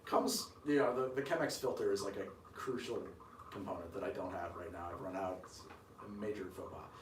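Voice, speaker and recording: A man's voice: sits low, a little fast, far from the mic, slight background noise. Rambling, joking man in a roomy space. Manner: rambling, self-deprecating, joking asides. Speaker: cocktail show host. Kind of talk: casual live-stream chat while making a drink.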